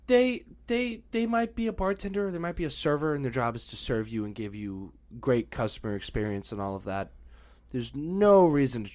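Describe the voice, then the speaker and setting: A man's voice: mid-range voice, moderate pace. A young man, co-hosting a podcast in casual chat and acting out other people's lines as he tells stories. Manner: animated storytelling, acts out other people's lines. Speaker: podcast co-host.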